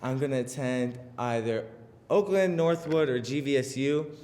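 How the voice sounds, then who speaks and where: Halting teenage boy giving thanks. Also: medium pitch, a little mellow. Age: teens. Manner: halting, lots of fillers. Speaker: award recipient. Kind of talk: acceptance speech. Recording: hall reverb with faint noise.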